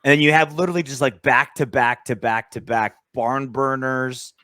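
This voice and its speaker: A man's voice: medium pitch, fairly even intonation, moderate pace, pushed and bright, no echo, studio quality. A man co-hosting a sports podcast, talking in loose, joking, rambling banter. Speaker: podcast co-host. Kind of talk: casual sports chat.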